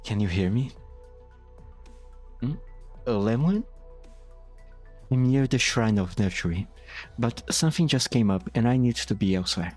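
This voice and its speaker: A man's voice: medium pitch, moderate pace, long pauses, a little mellow, soft background music, natural voice. A man voicing an earnest, dutiful young church officer who asks questions and answers plainly. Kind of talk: amateur reading of game dialogue.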